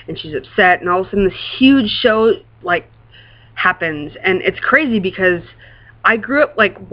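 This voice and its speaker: Gushing, rambling vlogger with lo-fi sound. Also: mid-range voice. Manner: gushing and rambling, swears casually, many fillers. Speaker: works in a classroom. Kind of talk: casual chat to camera.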